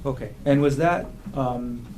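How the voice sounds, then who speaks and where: A man questioning a witness in a courtroom, asking measured, formal questions. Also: mid-range voice, a little mellow, slight background noise. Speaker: prosecutor.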